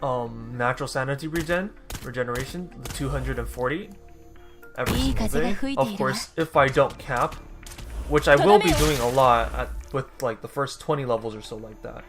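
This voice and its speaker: A man's voice: medium pitch, normal speed, music in the background. A man giving casual, rambling commentary over his own gameplay, often correcting himself and dropping dry sarcastic asides. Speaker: gaming YouTuber.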